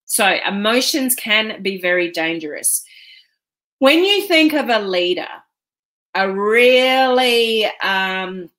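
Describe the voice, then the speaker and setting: A woman's voice: mid-range voice, expressive, slow pace, a bit bright. A woman business coach hosting a casual live stream, talking in a chatty, rambling way with frequent ums.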